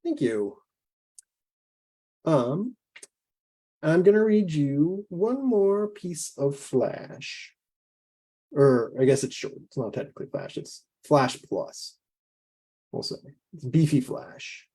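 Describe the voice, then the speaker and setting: Man reading a story in a mellow voice. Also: on the high side, sing-song, slow pace, long pauses. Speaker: guest author. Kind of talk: reading his own fiction aloud.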